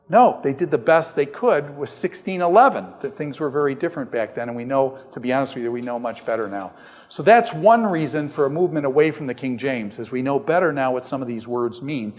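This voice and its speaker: A male professor gives a classroom lecture with a somewhat high voice. He talks conversationally and keeps asking his students questions. The sound carries a long reverb, as in a lecture hall. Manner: asks the class frequent questions, conversational and animated. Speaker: professor lecturing on Bible translation.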